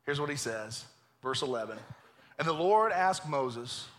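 A man preaching a lively, joking sermon in a church, acting out voices as he goes. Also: fairly high pitch, unhurried. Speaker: pastor. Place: church sanctuary.

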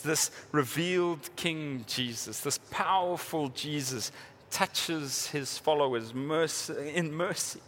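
Guy preaching, voice sits kinda high, gets fired up then goes soft and gentle. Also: takes it slowly. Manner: impassioned, swinging from rising urgent questions to quiet tender passages. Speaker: pastor. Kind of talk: sermon.

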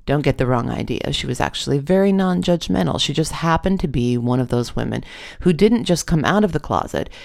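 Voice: mid-range voice, animated, fairly quick, creaky, darkish tone. A storyteller telling a funny first-person story with dry, wry asides.

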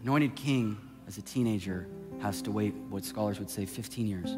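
A male pastor preaching a sermon, swinging from impassioned shouting down to a hushed, intimate delivery. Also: lowish voice. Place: church sanctuary. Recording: long hall reverb with soft music behind.

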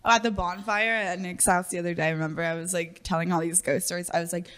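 A woman's voice: on the low side, level tone, quick pace, fairly bright tone, clean tone. Young female podcast co-host, casual, giggly, filler-heavy chat.

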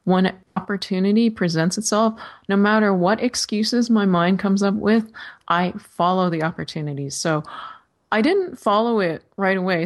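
A woman's voice: lowish voice, vocal fry. A woman guest in an interview, telling her story casually and acting out her own inner voices with animation. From California. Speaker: author guest.

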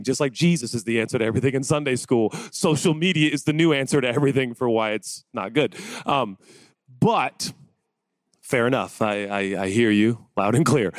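This is a dry recording of a man of medium pitch giving a conversational sermon. The pastor tells personal anecdotes with animated chattiness and works up to excited rhetorical questions.

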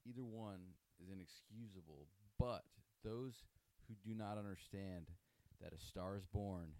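A man with a somewhat low voice makes a pitch in a mock-grandiose, hype-man manner. He is speaking on a casual comedy podcast, half joking as he builds things up. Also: measured pace, warm tone, dry recording. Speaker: podcast guest correspondent.

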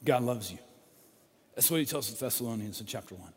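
A man's voice: mid-range voice, lively intonation, brisk, breathy edge, in a large hall. A middle-aged man, a pastor, delivering a conversational sermon that rises into emphatic, repeated stresses.

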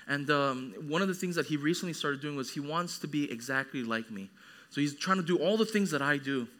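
High-voiced young man preaching. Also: fairly quick. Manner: animated preaching with dramatic quoted voices. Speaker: pastor. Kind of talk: sermon.

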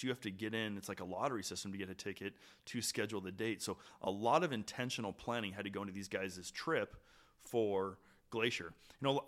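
A man hosting a podcast, telling a hiking story in a relaxed, chatty way with pauses and restarts. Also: on the low side. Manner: animated, trailing pauses and restarts. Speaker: podcast host. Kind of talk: casual storytelling chat.

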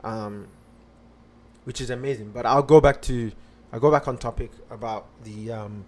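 A man's voice: medium pitch, steady tone, normal speed, a little mellow. Rambling, filler-heavy man telling a story. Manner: rambling with many fillers and restarts. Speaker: podcast guest telling a personal story. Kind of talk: casual conversational storytelling.

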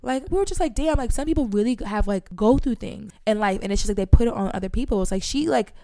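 A young woman co-hosting a podcast, retelling a story in casual chat and acting out both sides of an argument, getting loud as she goes. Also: medium pitch, quick pace, creaky, no echo, clean studio sound. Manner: animated, acts out voices, gets loud when retelling arguments. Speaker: podcast co-host.

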